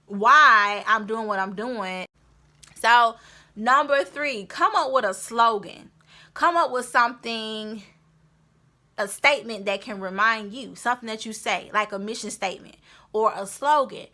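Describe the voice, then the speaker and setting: A young woman talks straight to her viewers in a motivational vlog, encouraging them and circling back to repeat her main points. Her voice is bright and forward, with a clear, ringing edge. She stays in the middle of the female range. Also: medium pitch. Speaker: vlogger. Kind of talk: motivational tips talk to camera.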